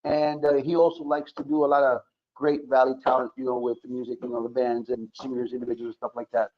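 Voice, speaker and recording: A man hosting a podcast, chatting casually and giving many shout-outs, mixing in Spanish words. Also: mid-range voice, flat delivery, fast, muffled recording. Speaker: podcast host.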